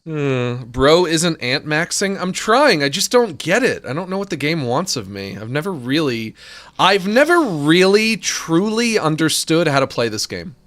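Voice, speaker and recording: Animated man commenting on a game. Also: fairly high pitch, unhurried. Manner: excitable, swings between delight and frustration, swears. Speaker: gaming streamer.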